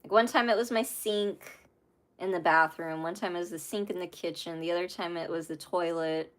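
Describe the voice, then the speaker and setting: Casting: young woman, tarot reader, rambling and chatty, low-set voice. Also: fairly even intonation, normal speed. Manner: rambling, chatty, many fillers and asides. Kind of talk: casual tarot reading monologue.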